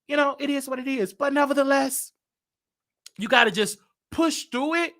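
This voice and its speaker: In a candid livestream, a male show host opens up about his life, circling back over the same points as he thinks aloud. His pitch is extremely high and his tone sharp, with a moderate pace.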